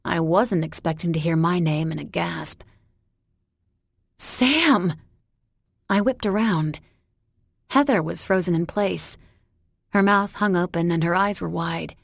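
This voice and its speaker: A woman narrating a novel in the first person, measured and introspective. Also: lowish voice, steady tone, creaky, dry recording, clean studio sound. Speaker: audiobook narrator.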